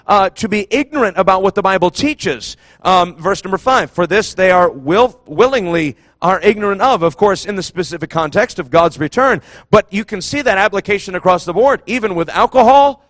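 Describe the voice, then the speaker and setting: A man preaching a fervent sermon, emphatic and impassioned, repeating phrases and surging to near-shouts. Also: high-pitched, brisk, few pauses, no echo, clean studio sound.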